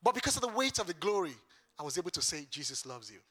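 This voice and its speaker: A man's voice: high voice, animated, racing, pushed and bright. A man from Lagos preaching a sermon to a congregation, with an impassioned, repetitive preaching cadence. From Lagos, Nigeria.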